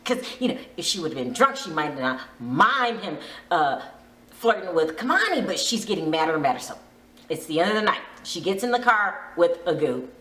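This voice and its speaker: A woman's voice: on the low side, sing-song, moderate pace, fairly bright tone. A woman vlogger giving a chatty, dramatic, gossipy recap. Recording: roomy echo.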